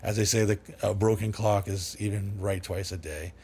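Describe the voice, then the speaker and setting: A man's voice: on the low side, fairly even intonation, normal speed, mellow, breathy edge. A man as a podcast guest, telling long rambling stories with lots of swearing, fillers and restarts. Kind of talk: casual storytelling.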